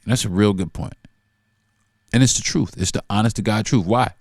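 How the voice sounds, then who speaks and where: A man's voice: lowish voice, moderate pace, dry recording, clean studio sound. A man hosting a solo podcast, talking in an emphatic, repetitive, profane rant. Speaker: podcast host.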